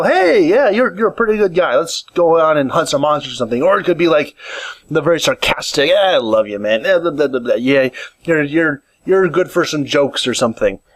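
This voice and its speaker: A man's voice: a little high, no echo. A man talking alone into a mic at home, rambling and restarting often while he gestures as he speaks. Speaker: podcast host. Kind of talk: casual solo monologue. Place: home room, seated in chair. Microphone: condenser with improvised pop filter.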